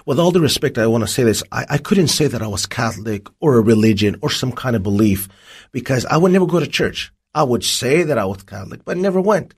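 A man's voice: medium pitch, lively intonation, fast talker, breathy edge. A man giving a personal testimony as an interview guest, telling his story vividly. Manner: vivid storytelling, acts out dialogue.

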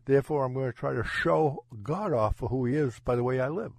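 A man who is a pastor, telling his faith story in an earnest, halting way with frequent restarts. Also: medium pitch, vocal fry, darkish tone, no room sound. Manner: halting, self-correcting, earnest. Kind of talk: personal testimony in conversation.

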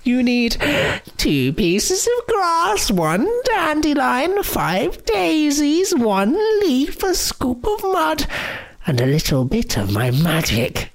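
A croaking old witch with a cackle in her throat and a shrill, swooping voice. She draws her words out slowly in a sing-song chant, and her voice sits far higher than her storytelling voice. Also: wildly swooping pitch, exaggerated voice. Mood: eerie.

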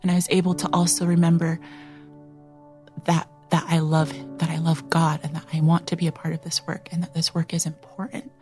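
A young woman earnestly sharing a personal faith testimony, reflective and full of filler words, sometimes dropping to a soft hush. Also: low voice, flat delivery, a little fast, faint music behind.

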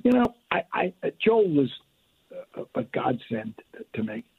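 Gravelly older man on a phone line. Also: mid-range voice, unhurried. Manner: animated, restarts and repeats words. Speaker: guest, retired referee. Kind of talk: phone interview storytelling.

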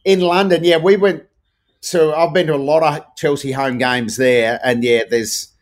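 A man with an Australian accent, a podcast co-host chatting casually and telling animated sports stories. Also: a little high, moderate pace. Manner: animated storyteller, sings chant snippets. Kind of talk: casual chat.

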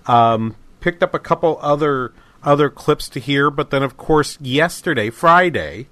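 A man's voice: on the high side, expressive, measured pace, a bit bright, no room sound. A middle-aged man hosting a talk radio show, speaking casually with many fillers, restarts and false starts.

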